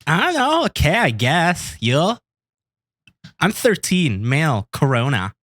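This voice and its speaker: A man voicing a thirteen-year-old boy in an online chat, with flat, offhand replies. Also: fairly high pitch, a little slow, dry recording, clean studio sound, voice pushed up, heavily acted.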